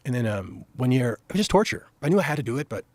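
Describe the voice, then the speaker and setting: Fast-talking husky middle-aged man. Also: mid-range voice, dry recording. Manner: animated, emphatic storytelling. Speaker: podcast guest. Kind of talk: storytelling conversation.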